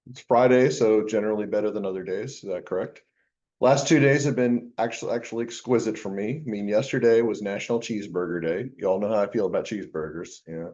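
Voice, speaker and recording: A man's voice: on the low side, fast talker, a little mellow, dull audio. A man teaching a university accounting class in a classroom, chatty and joking, with many asides before he gets to the material. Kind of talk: classroom lecture. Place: lecture classroom.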